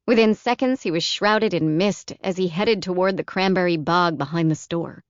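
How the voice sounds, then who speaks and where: A woman narrating a novel as an audiobook in a measured storytelling delivery. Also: on the low side, smooth, no echo. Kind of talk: scripted narration. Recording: dull, dry, lo-fi audiobook recording.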